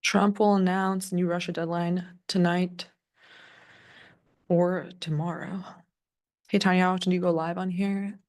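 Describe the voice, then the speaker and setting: A woman's voice: fairly low pitch, level tone, a little slow, pauses often, a little mellow. A young woman casually chatting as a co-host of a live trading stream, rambling with lots of fillers and restarts. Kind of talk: casual livestream chat.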